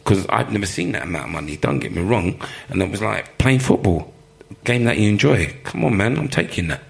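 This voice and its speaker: Guesting on a live interview, a former pro footballer spins lively stories in a lowish, gravelly voice, going a little fast. He laughs a lot and performs the voices of the people he quotes.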